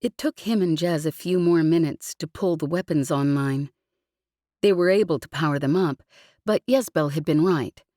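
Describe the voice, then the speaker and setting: A woman narrating a science fiction audiobook with an even, expressive reading. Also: sits low, normal speed, dry recording, clean studio sound. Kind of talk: scripted narration.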